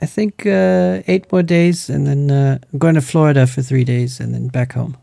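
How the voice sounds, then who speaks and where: A man's voice: mid-range voice, fairly even intonation, normal speed, gravelly, warm tone, no echo, studio quality. A man co-hosting a podcast, chatting casually in a playful way and laughing often. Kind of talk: casual chat. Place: Netherlands, indoors.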